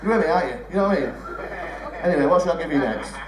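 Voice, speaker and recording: Young man, stand-up comedian, chatty, swears a lot, teases the crowd, fairly high voice, roomy theatre sound. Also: lively intonation, racing, far from the mic. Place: theatre stage with live audience.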